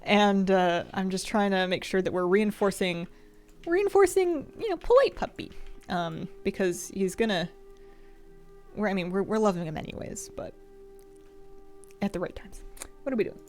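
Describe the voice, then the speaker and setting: A woman's voice: mid-range voice, steady tone, normal speed, long pauses, faint music behind. Rambling, affectionate woman streamer. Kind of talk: casual chat.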